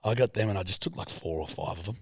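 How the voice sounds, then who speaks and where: A man's voice: low-pitched, fast, slightly rough, no echo, clean studio sound. A man with an Australian accent co-hosting a podcast, telling stories in a casual, swear-heavy way. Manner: swears a lot, laid-back storytelling. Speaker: podcast co-host. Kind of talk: casual chat.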